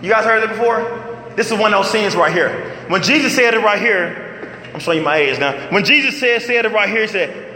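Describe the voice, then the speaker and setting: A man preaching a sermon with lively call-and-response delivery, sometimes breaking into shouts, recorded in an echoey hall. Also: high voice, moderate pace. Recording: echoey hall, faint room noise.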